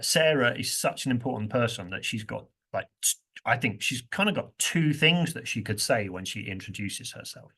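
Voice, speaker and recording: A man's voice: on the low side, a bit bright. Playful man leading a workshop. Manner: playful, laughs often, acts out stressed words. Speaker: workshop presenter. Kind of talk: interactive workshop teaching. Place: university workshop room.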